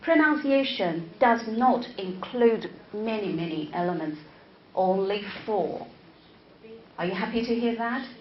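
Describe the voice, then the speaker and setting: A woman's voice: medium pitch, lively intonation, unhurried, slight background noise. A woman in her fifties from China, lecturing as a university English teacher, repeating key words and checking in with her students. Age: 50s. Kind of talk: classroom lecture. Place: classroom. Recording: echoey lo-fi classroom recording.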